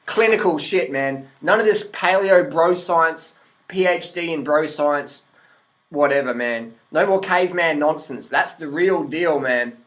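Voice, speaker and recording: An Australian vlogger from Adelaide, South Australia, delivers a blunt, sarcastic rant full of swearing and frequent laughter. His voice is on the high side, unhurried and fairly bright, though the recording is rough.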